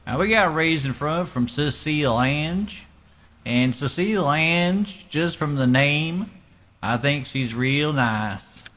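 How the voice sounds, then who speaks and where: Male streamer, put-on Southern US accent, crisp forceful tone, laid-back salty poker commentary. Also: fairly high pitch, animated, takes it slowly. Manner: laid-back, profane, joking drawl. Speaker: streamer commentating his own poker game. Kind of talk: casual live game commentary.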